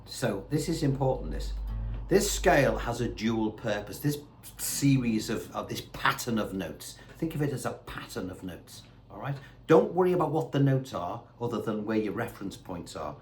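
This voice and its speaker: A man's voice: lowish voice, big pitch swings, normal speed. A man giving a casual guitar lesson, talking in a chatty way and asking rhetorical questions. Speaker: guitar teacher. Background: faint guitar and backing tracks.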